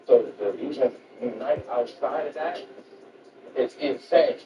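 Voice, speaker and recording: A man's voice: mid-range voice, a little slow, crowd noise. New man talking loosely. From New York. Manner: loose, rambling talk. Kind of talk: casual chat. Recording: dull, roomy, distant noisy recording.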